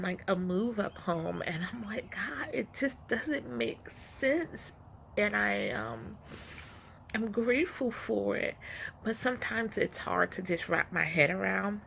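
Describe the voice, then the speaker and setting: A woman in her forties talks slowly and haltingly on a front porch, her speech a little muffled by something in her mouth. Her voice is heavily gravelly and quite bright. Faint outdoor ambience sits behind her. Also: lowish voice, a little hiss or hum. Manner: soft, emotional, halting, with many pauses and fillers. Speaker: vlogger, stay-at-home mom. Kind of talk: heartfelt personal vlog talk.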